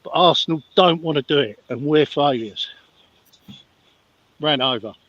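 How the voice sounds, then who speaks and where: A man's voice: a little high, unhurried, a bit bright, dry recording. A man calling in to a football fan show, bluntly opinionated and dismissive. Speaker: caller. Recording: dull dry call-in line.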